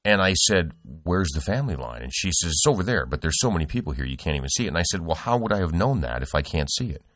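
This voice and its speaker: A man's voice: sits low, very animated, fast talker, fairly bright tone, dry recording, studio quality. A middle-aged man hosting a podcast, telling a rambling, profane story with lots of restarts. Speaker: podcast host. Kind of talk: casual podcast chat.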